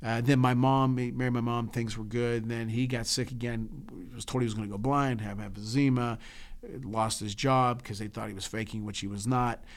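A man co-hosting a casual chat podcast, telling a heartfelt family story with halting restarts and an emotional edge. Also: mid-range voice, steady tone. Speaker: podcast co-host.

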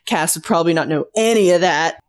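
A woman's voice: lowish voice, quick pace. A young woman co-hosting a podcast, chatting casually with plenty of fillers and swearing. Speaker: podcast co-host. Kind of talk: casual chat.

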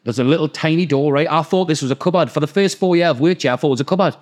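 A man with a Geordie accent telling a story in casual chat, animated and swearing freely as he acts out the voices of others. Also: on the high side, racing. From North East England. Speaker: podcast guest storyteller.

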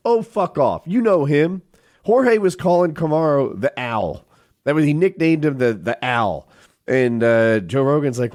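A man's voice: fairly high pitch, a little slow, dry recording, clean studio sound. A man co-hosting a podcast in casual chat, telling stories animatedly and swearing freely. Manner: animated storytelling, acts out quotes in a raised voice. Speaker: podcast co-host.

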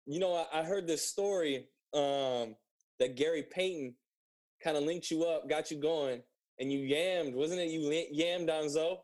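A man's voice: a little high, unhurried. A man hosting a casual chat, easygoing and asking his guest for stories. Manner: relaxed, laughs along, asks for stories.

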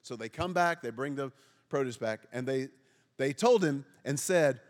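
A man's voice: medium pitch, expressive, moderate pace, in a large hall. A man in his fifties, a pastor, giving a humorous sermon to a congregation, joking at his own expense and quizzing the listeners. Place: church sanctuary before a congregation.

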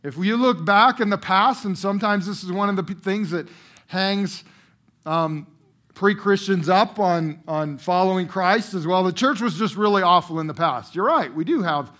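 In a church room, a middle-aged pastor with a high, light voice preaches to his congregation. He hits key words loudly, then sinks into slow, nearly hushed phrases. His sermon swings strongly between emphatic bursts and conversational stretches.

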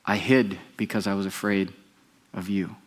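A man's voice: medium pitch, slow, a little mellow, big-room sound, lightly acted. A man voicing the first man in a Bible story, sheepish and hesitant. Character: first man, sheepish, afraid, making excuses.

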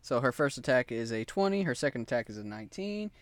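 Lively laughing woman game master. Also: extremely low pitch, fast, dry recording. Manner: laughs often, lively narration. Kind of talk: narrating a tabletop game.

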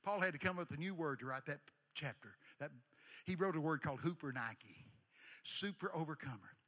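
A man preaching a sermon, emphatic, swinging from hushed asides to shouted lines and calling for responses. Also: on the high side, expressive, a little fast, long reverb tail. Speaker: pastor.

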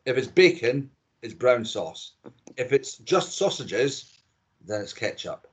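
A man's voice: mid-range voice, very animated, slow pace, slightly rough. A middle-aged man with a Scottish accent, chatting casually as a podcast guest, opinionated and prone to repeating himself. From Scotland.

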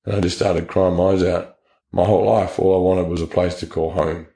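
Recorded in an echoey room, an Australian interview guest tells his personal story with blunt earnestness and lots of slang. His low voice is gravelly and mellow, brisk in pace, with fairly even intonation.

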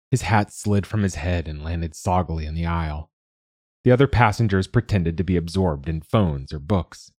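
Deep husky man reading a storybook. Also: a little mellow, no room sound, clean studio sound. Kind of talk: storybook narration.

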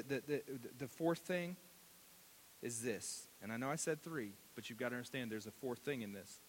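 A man preaching a sermon, animated and repetitive, acting out stories in voices. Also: mid-range voice, a little hiss or hum. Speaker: pastor. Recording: long reverb of a large hall.

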